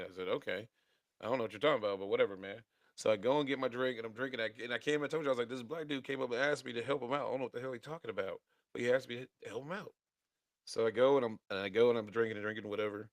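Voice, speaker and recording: Talking very fast in a low-leaning voice, this male podcast co-host laughs his way through a story in casual conversation, performing the lines of the people in it. The recording is dry.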